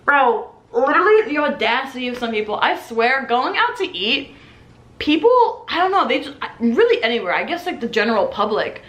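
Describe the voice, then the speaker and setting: Her high-pitched voice moves fairly quickly as this young waitress in her twenties animatedly tells a casual story, impersonating customers. The recording sounds dull and the room is echoey.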